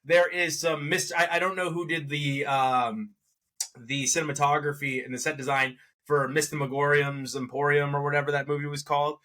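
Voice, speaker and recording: A man co-hosting a casual movie review podcast, rambling and animated as he works through his opinions, often correcting himself mid-sentence. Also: fairly high pitch, normal speed. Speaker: podcast co-host.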